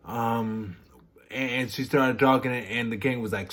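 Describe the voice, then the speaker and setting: A man's voice: medium pitch, fairly even intonation, slow, fairly bright tone. A man vlogging casually to camera, rambling and interrupting himself, laughing at his own remarks. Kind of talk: casual candid chat to camera.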